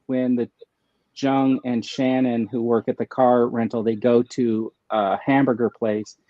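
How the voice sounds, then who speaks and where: A man's voice: mid-range voice, level tone, measured pace, no room sound, muffled recording. A man speaking as a guest in a casual livestream chat, rambling with many fillers.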